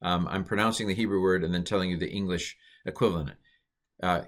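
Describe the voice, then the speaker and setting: A man teaching a recorded language lesson in an informal, lively way, pausing to restart and make asides. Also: deep voice.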